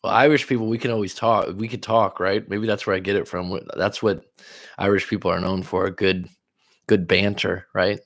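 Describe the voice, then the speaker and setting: Low gravelly man chatting live. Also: little pitch movement, normal speed. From California. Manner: reads viewer comments aloud and answers them; loose, rambling, with fillers and restarts. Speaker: relationship coach hosting a live stream. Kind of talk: casual live-stream chat.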